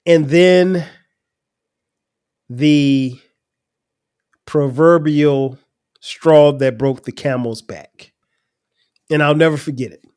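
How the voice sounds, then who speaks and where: A man's voice: fairly high pitch, slow, pauses often, a little mellow, smooth. A middle-aged man hosting a podcast, telling a personal story in a casual, conversational way with frequent laughter. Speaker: podcast host.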